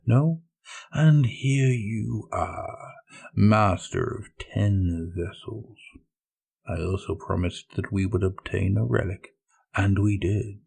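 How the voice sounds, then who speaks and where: Man doing a smug, soft-spoken schemer. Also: fairly low pitch, takes it slowly, creaky, breathy edge, heavily acted. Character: calm, smug, scheming male mad scientist.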